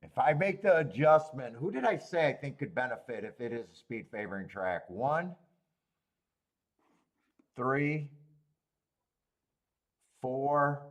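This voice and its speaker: A man's voice: medium pitch, animated, slow, long pauses. A man hosting a live horse racing betting stream, chatting casually with viewers, swearing freely and laughing at himself often. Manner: profane, self-mocking, laughs often.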